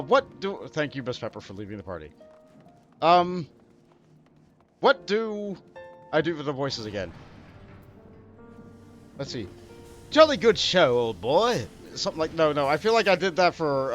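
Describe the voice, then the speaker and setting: Male game streamer, casual gameplay chatter, animated, laughs often, fairly high voice, faint music behind.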